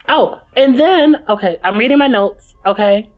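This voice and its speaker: A woman's voice: on the high side, expressive, takes it slowly. A woman co-hosting a podcast, chatting casually about a TV episode and rambling through her notes with lots of fillers. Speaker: podcast co-host. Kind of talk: casual TV recap chat. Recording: muffled lo-fi audio.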